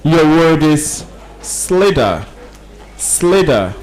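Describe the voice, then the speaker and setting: A man with a mid-range voice hosts a spelling competition. He reads each word slowly and with careful enunciation. He announces results calmly and encourages the spellers, sometimes pausing on fillers. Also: mid-range voice, rough recording. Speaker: spelling competition pronouncer and host. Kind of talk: reading out words and announcing results.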